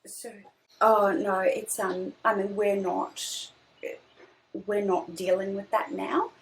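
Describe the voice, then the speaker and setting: A woman's voice: medium pitch, flat delivery, slow, gravelly, a little hiss or hum, rough recording. A young woman, telling her birth story in casual chat, hesitant with many restarts. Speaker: podcast guest.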